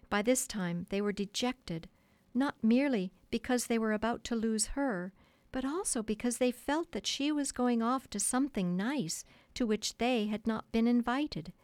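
Reading from a script, a woman narrates a children's classic as an audiobook, her delivery measured and expressive. The sound is dry and close, studio-recorded, and her voice sits in the mid range.

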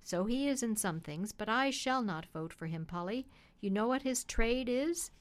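A woman reading the part of a principled working cab driver, a father who speaks gravely and firmly. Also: a little high, expressive, moderate pace, lightly acted. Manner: grave, firm and earnest. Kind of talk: reading a children's classic on radio.

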